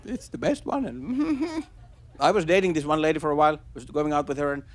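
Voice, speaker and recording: A man doing a stand-up comedy set on stage before a live audience. He talks haltingly, with many restarts and fillers. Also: a little high, lively intonation, slight background noise. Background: audience laughter.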